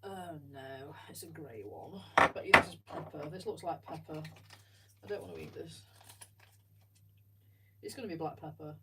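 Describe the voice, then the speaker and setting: A woman's voice: deep voice, animated, normal speed, long pauses. A woman chatting in a rambling, self-deprecating way while she builds, talking to viewers. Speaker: livestream host building Lego. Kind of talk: casual chat while building. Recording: distant mic with faint background noise.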